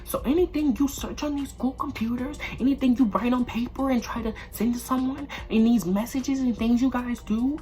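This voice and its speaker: A man's voice: extremely high pitch, normal speed, hardly any pauses, warm tone, voice pushed up. A man putting on the voice of a woman middle school teacher as she warns her class. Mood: stern warning.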